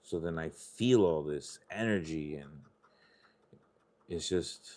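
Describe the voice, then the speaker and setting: A man's voice: rumbling low, takes it slowly, darkish tone. A man hosting a live stream, chatting casually in a rambling, confessional way and swearing freely. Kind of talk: casual chat while scratching lottery tickets.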